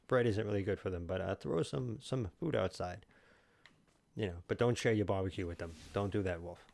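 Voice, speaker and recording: A man's voice: low voice, darkish tone. A man streaming a video game from home, joking and rambling as he chats with his viewers by name. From New York. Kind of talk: casual gaming stream chat.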